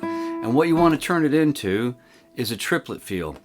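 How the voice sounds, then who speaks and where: A man giving a casual guitar lesson on video, explaining in a relaxed, rambling way and counting the picking aloud. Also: medium pitch, moderate pace. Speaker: guitar teacher. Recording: loud guitar playing behind.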